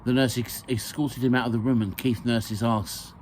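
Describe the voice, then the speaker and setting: A man's voice: medium pitch, little pitch movement, normal speed, darkish tone, a little hiss or hum. A man reading his own memoir aloud, hesitant with fillers and a dry sense of humour.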